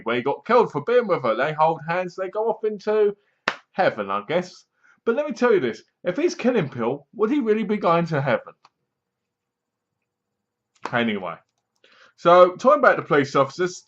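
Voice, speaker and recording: Casual male film reviewer, slightly high voice, sarcastic and mocking, lo-fi home recording. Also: a bit bright. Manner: sarcastic, mocking, acts out scenes. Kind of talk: casual spoken movie review. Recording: dull lo-fi sound.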